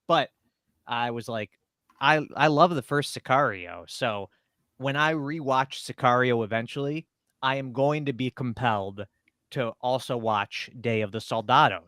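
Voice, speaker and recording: A man's voice: mid-range voice, fairly bright tone, clean tone, dry recording, clean studio sound. A man co-hosting a casual podcast chat, telling stories in a rambling, laid-back way. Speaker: podcast co-host.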